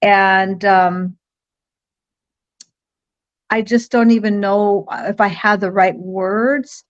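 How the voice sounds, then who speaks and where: A woman hosting a live online talk show, bubbly and quick to laugh as she introduces her guest. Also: mid-range voice, steady tone, highs cut off. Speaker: host. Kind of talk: enthusiastic livestream chat.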